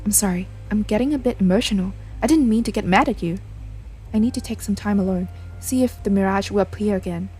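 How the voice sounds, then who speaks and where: A woman's voice: mid-range voice, quick pace, mellow, husky, soft background music, natural voice. A woman reading a grieving young woman haunted by a ghost. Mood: apologetic. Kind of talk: reading game dialogue aloud.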